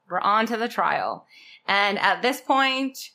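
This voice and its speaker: A woman's voice: mid-range voice, very animated, slow pace, sharp tone. A young woman co-hosting a podcast, telling a true-crime story in a chatty, casual way, full of fillers and the odd swear word. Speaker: podcast co-host.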